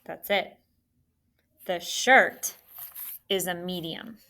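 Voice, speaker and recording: Slow, bright-voiced woman teaching phonics. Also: on the low side. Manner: slow, patient, encouraging, sounding out letters. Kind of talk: phonics lesson for young children. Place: classroom.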